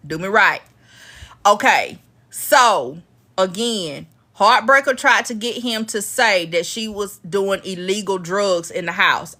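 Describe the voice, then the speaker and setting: A woman hosting a casual live-stream recap, chatty and animated as she talks to her viewers. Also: mid-range voice.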